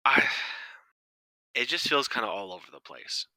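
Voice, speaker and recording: Dude cohosting a podcast, chill, agrees a lot, really bright voice, dry sound. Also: male voice, mid-range voice, a little slow, creaky, no echo. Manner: relaxed, agreeable, brief replies. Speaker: podcast co-host. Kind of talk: casual chat.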